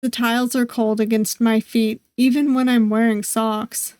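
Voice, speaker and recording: A woman streamer reading a visual novel aloud, with steady narration and playful asides. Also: on the high side, moderate pace, few pauses, no echo, clean studio sound. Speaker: gaming streamer.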